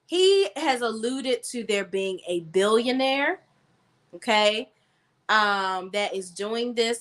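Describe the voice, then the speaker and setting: A woman's voice: fairly high pitch, fairly bright tone. A woman co-hosting a casual gossip chat, emphatic and sassy, tossing in "okay?" and "honey" often. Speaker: podcast co-host.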